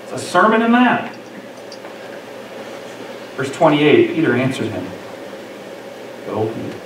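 A man with a high voice preaches a sermon, giving the quoted lines expression as he acts them out. He is recorded from a distance in an echoey church, with faint background noise. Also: very animated, takes it slowly. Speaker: pastor. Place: church sanctuary.

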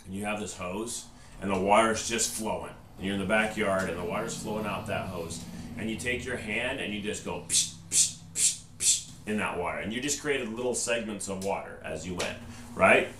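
A man's voice: on the low side, pushed and bright. A male band teacher giving a patient step-by-step trumpet lesson, checking in with "okay?" after each step. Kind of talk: instructional video lesson. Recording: roomy echo, distant mic, faint noise.

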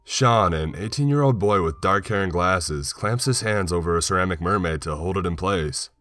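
A man narrating a horror story in a slow, measured way. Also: low voice, lively intonation, no echo. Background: soft music.

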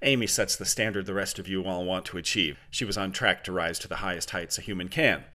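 A man's voice: sits low, fast talker, sharp tone. A man as a brusque, impatient interrogator. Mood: insistent. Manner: brusque, insistent. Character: impatient, domineering male interrogator.

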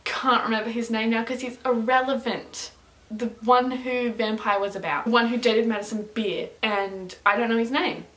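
A young woman with a fairly high voice chats excitedly, gushing and stringing her thoughts together with constant fillers. Her voice bounces around a small echoey room. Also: normal speed. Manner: chatty and gushing, filler-heavy with lots of "like". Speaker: music reaction vlogger. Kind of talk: casual reaction chat.

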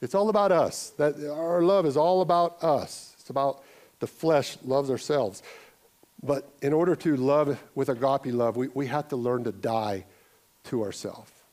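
A man's voice: mid-range voice, unhurried, darkish tone. A male pastor giving a conversational sermon, telling an anecdote, often restarting and repeating words. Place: church sanctuary.

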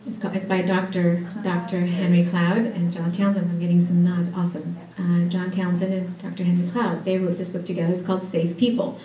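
A woman gives a conference talk in a lively, chatty way. She laughs often and makes playful asides to the audience. Her voice is mellow and warm, picked up from a distance in an echoey room. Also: lowish voice, brisk, few pauses, muffled recording. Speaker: ministry speaker at a conference.

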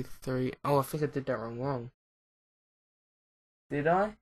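This let's-play features a young British man musing aloud while building in a game, his talk loose and rambling. He speaks in a bright, pushed voice of medium pitch.

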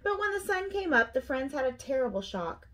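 Principal lady reading a kids book out loud, super expressive, bouncy voice. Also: sits high, fairly quick, slight background noise. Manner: animated, expressive storytelling. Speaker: school principal. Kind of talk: reading a picture book aloud to children.

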